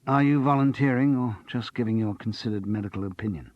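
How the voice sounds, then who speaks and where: A man's voice: on the low side, fast, highs cut off, natural voice. A man voicing a dry, self-mocking middle-aged actor who has sworn off drink. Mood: wry. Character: wry middle-aged male actor on the wagon.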